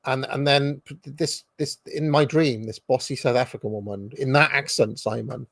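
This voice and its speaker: A man's voice: mid-range voice, normal speed, creaky, a bit bright, dry recording. A man hosting a livestream podcast, chatting in a rambling way with many restarts. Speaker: podcast host. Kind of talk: casual livestream chat.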